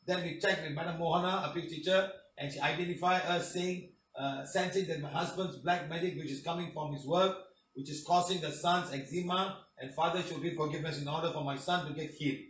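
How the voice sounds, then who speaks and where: A man's voice: fairly high pitch, fairly even intonation, a little fast, a bit bright, far from the mic, slight background noise. Preachy Malaysian-accented man, echoey room. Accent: Malaysian English. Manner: emphatic, preachy, tag questions. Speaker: spiritual healing teacher. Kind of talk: reading and commenting on testimonials.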